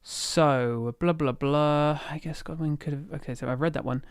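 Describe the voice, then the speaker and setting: Livestream host. Rambling and self-interrupting, with a smooth voice and a dry recording. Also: mid-range voice, steady tone, normal speed, dry recording. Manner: rambling and easily sidetracked; thinks aloud with many fillers and restarts. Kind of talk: casual lore chat on a livestream.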